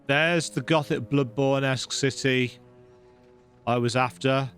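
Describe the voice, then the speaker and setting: A man's voice: medium pitch, fairly even intonation, measured pace, fairly bright tone, soft background music. A man giving casual gameplay commentary, full of wry, joking asides. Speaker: let's play host.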